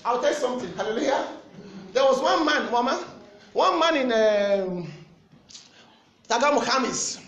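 Fervent high-voiced Nigerian preacher. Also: male voice, moderate pace, long pauses, echoey room, a little hiss or hum. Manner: fervent, animated preaching with shouted refrains. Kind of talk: sermon.

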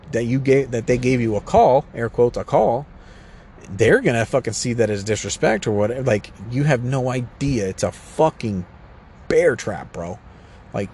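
A man's voice: medium pitch, darkish tone, slight background noise. A man ranting urgently in a casual, rambling way, swearing often and circling back to repeat his points. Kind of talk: casual rant to camera.

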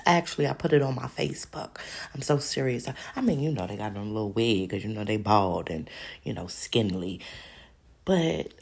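This woman has a very deep, husky voice and talks at normal speed. As a podcast host, she launches into a casual, rambling monologue, ranting in an animated and profane way.

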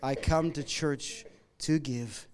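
A middle-aged man preaching a sermon in a conversational, humorous way, moving between loud emphatic lines and quiet asides. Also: medium pitch, fairly even intonation, slow pace. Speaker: pastor.

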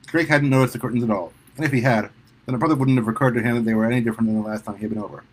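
A man narrating a story aloud in steady storytelling style. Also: mid-range voice, racing, husky. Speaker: reader.

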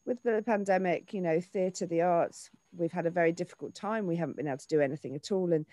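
A woman in her forties talks in an animated, searching way, often doubling back mid-sentence. Her voice sits fairly low. The recording is dry and close, with no room sound. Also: fast, no room sound. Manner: animated, with frequent restarts and fillers. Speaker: actor and children's author. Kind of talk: casual interview talk.

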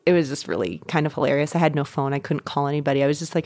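A woman in her thirties, a podcast guest, telling a personal story in an animated way, laughing often and acting out her own thoughts. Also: sits low, very fast, no echo. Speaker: podcast guest, runner and coach. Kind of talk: casual storytelling.

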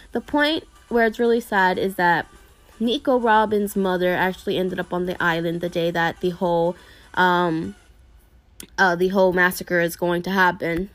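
A woman's voice: lowish voice, no room sound. A woman retelling a story to her viewers in a casual, rambling way, full of fillers and restarts. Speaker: anime video creator talking to viewers.

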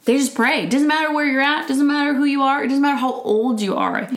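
A woman in her thirties chatting casually about faith, telling a story with lively acted-out quotes. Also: high voice, fairly quick, reverberant. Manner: animated storytelling, acts out quotes. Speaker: podcast co-host.

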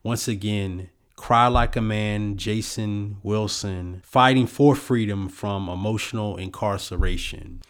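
A man's voice: on the low side, steady tone, unhurried, hardly any pauses. A man hosting a solo book-review podcast, talking in an earnest, reflective way with lots of "you know" fillers.

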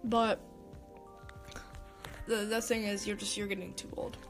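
A woman's voice: mid-range voice, little pitch movement, measured pace, faint music behind. A young woman hosting a casual sports talk segment, hesitant, with many fillers, restarts and stumbles. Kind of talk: casual sports commentary monologue.

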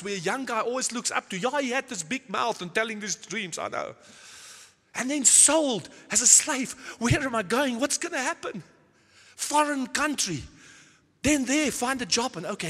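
A man from the Netherlands preaches with passion, his voice high and a little husky. He presses his points with repeated words and sudden emphasis. The sound rings out with a long reverb through a church hall. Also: bright, forceful tone. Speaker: pastor. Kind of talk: sermon.

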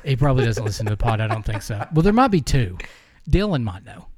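A man co-hosting a casual sports podcast, talking at an ordinary pitch. He jokes, rambles and laughs often between points. The sound is dry and close, with no room echo. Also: big pitch swings, quick pace. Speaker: podcast co-host.

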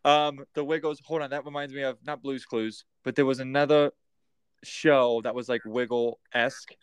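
A man's voice: medium pitch, steady tone, moderate pace, clear, resonant tone, dry recording. A man hosting a casual podcast chat, joking and laughing often. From United States. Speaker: podcast host.

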